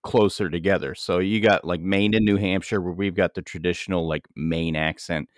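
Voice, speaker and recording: A man with a New England accent talks in a very low voice, relaxed and explanatory. The sound is dry and close, with no room around it. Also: normal speed, no echo. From New England, USA. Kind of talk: casual podcast chat.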